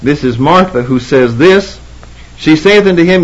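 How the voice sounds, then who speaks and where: A man teaching a Bible sermon in a fairly high voice. He reads scripture slowly, cites chapter and verse, and repeats words for emphasis. The sound is dull and lo-fi, like an old tape. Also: animated, slightly rough.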